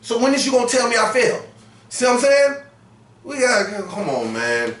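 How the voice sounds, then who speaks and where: A man's voice: extremely high pitch, big pitch swings, fairly quick, a bit bright, slight background noise. A man teaching scripture in a street-style preaching manner, emphatic and slangy, often tagging "man" onto his lines. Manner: emphatic, slangy, repeats "man" and "you know what I'm saying". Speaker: teacher leading a scripture study. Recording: roomy sound from a distance.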